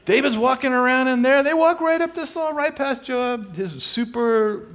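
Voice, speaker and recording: A man preaching a sermon as a guest speaker, telling a story in a conversational, humorous way and acting out characters in quick asides. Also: extremely high pitch, fairly bright tone.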